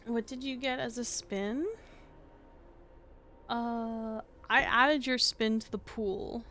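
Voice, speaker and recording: Brief: female streamer, tired, chatty and meandering, mid-high voice. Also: fairly even intonation, slow pace, sharp tone, slight background noise. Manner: rambling, thinking aloud with many restarts. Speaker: livestreamer. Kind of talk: casual stream chat.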